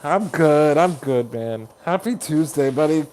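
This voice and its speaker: A man hosting a live stream chat. He reads viewer comments aloud, greets people warmly by name as buddy and honey, and laughs often. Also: fairly high pitch, animated, unhurried. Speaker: livestream host.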